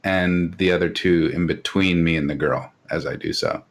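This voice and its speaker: A man's voice: low-pitched, steady tone, moderate pace. A man playing a tabletop game, casually declaring his character's actions. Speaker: player.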